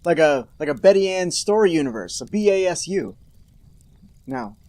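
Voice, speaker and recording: A man's voice: high voice, lively intonation, moderate pace, darkish tone, dry recording. A man hosting a podcast, recapping a horror episode with sarcastic, mock-outraged asides. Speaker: podcast host.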